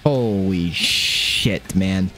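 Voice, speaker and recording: A young man streaming a video game, swearing, repeating himself and swinging from high yelps to low mutters. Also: very slow, bright, forceful tone. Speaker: gaming streamer. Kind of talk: live gameplay commentary. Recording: game music behind.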